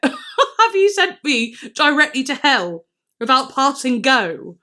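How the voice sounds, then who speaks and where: Young woman doing a music reaction, bit high voice, super candid, swears a lot, lots of ums and restarts. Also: slow. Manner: candid and expressive, swears freely, thinks aloud with many fillers. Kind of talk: casual reaction commentary.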